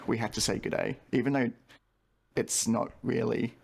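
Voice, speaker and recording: A man's voice: mid-range voice, fairly even intonation, normal speed, gravelly, darkish tone, slightly rough. An Australian man on a video call, telling stories in an easygoing, chatty way. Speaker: guest panelist. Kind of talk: casual chat.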